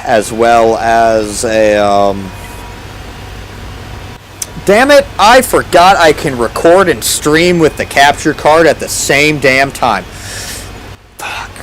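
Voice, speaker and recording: A man's voice: medium pitch, very animated, takes it slowly, fairly bright tone, a little hiss or hum, poor audio. A man streaming a game, chatting casually with a laid-back, sarcastic manner and casual swearing. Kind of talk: casual gameplay commentary.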